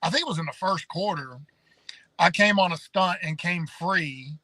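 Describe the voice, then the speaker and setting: A man's voice: sits high, moderate pace, pushed and bright, no echo, poor audio. A man telling his side of a story on a podcast, plainspoken and good-humored. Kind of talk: casual storytelling.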